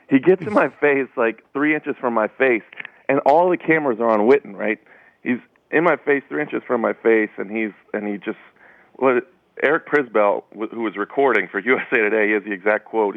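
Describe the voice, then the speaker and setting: A sports writer, a man, telling a story in a casual, animated way as a guest on a radio interview. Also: medium pitch, normal speed, no echo, narrow, tinny audio. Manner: casual, anecdotal, animated retelling.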